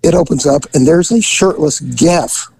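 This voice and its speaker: A middle-aged man telling a story in casual chat, acting out voices with big jumps in pitch. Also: moderate pace, creaky, darkish tone, slight background noise, rough recording.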